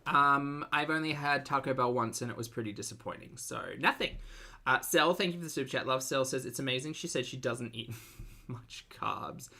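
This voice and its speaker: A man's voice: mid-range voice, normal speed, gravelly, sharp tone. A man giving blunt, casual live-stream commentary, full of fillers and swearing, reading out viewer chat as he goes.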